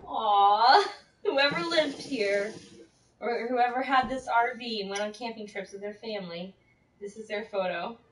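A woman's voice: on the high side, measured pace, fairly bright tone, distant mic, rough recording. A woman streamer chatting casually while playing a game, playful and giggly. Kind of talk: casual chat while gaming.

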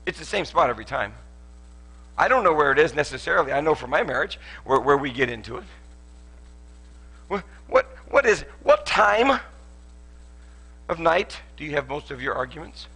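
A man preaching a sermon at a church service, animated and joking as he tells stories. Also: fairly high pitch, normal speed, creaky, pauses often, slightly rough. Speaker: pastor.

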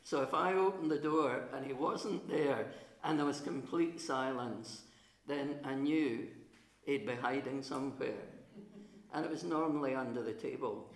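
A middle-aged minister with a chesty cough, telling a gentle story to children during a church service, with frequent pauses. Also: male voice, mid-range voice. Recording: roomy church acoustics.

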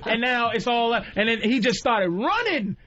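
A man guesting as a comedian on a radio talk show, telling stories in a profane, animated way and acting out voices. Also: extremely high pitch, unhurried, muffled recording.

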